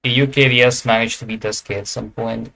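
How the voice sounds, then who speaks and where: Man, casual tier-list commentator, mid-pitched, thinks out loud, hesitant, corrects himself often. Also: fairly even intonation, fairly quick, creaky. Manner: thinking aloud, hesitant with fillers and self-corrections. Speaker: esports tier list creator. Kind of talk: casual commentary while ranking.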